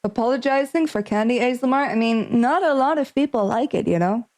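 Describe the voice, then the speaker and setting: A young woman with a slightly high voice reads visual novel text aloud during a stream. Between lines she chats and speculates, thinking out loud in a casual way. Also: a little fast, low-quality recording. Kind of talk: reading game text aloud and casual commentary.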